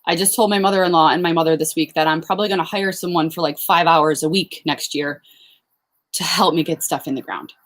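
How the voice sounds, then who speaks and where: A young woman, a flower farmer, chatting casually on a live stream, answering viewer questions with lots of fillers and quick laughs. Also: low voice, steady tone. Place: outdoors on a farm.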